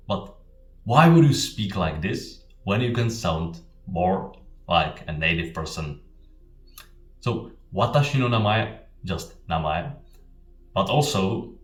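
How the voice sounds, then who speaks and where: A man's voice: deep voice, distant mic. A man giving an explanatory language lesson as a teacher, talking emphatically and repeating his key points. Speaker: Japanese teacher. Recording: roomy, off-mic, faint music. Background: faint background music.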